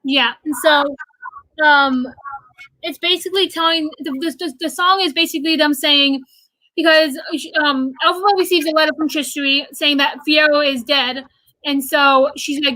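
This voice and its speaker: A young woman with a high, bright voice chatting on a livestream. She talks fast and eagerly, tripping over her own words. The sound is close and dry. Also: fairly even intonation, no echo, rough recording. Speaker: guest, theater fan. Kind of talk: excited livestream chat.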